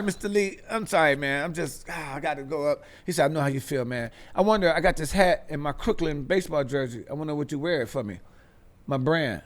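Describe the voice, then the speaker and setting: Animated man telling comic stories. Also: fairly high pitch, brisk. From US Midwest. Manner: animated, acts out other people's voices, laughs often; profane street slang. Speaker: stand-up comedian guest. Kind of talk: storytelling on a talk show.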